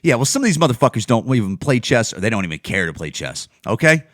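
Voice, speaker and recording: A man's voice: mid-range voice, big pitch swings, fast talker, a bit bright, no echo, studio quality. A man hosting a podcast, ranting casually with lots of swearing and restarts. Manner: profane, rambling, many restarts. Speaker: podcast host. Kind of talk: casual rant.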